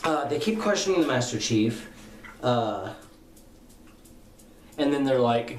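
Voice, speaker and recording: A man's voice: medium pitch, expressive, takes it slowly, long pauses. Casual young man recapping a comic. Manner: loose, rambling retelling with many fillers; paraphrases dialogue in slangy voices. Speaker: comic book reviewer. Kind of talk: casual spoken review. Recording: echoey room with faint ambience.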